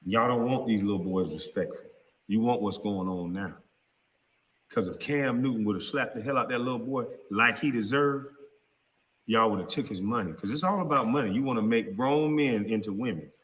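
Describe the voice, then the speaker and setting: A man in his thirties rants angrily on camera, cursing and calling people out. His voice is bright and forceful, and it rings out with a long reverb. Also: on the low side, moderate pace. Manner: angry, cursing, confrontational. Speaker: vlogger. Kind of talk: profane heated rant.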